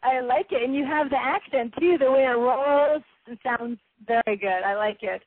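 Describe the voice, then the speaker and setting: A woman hosting a boxing radio show, effusive and quick to laugh. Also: sits high, no echo. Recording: tinny phone-like line, dry.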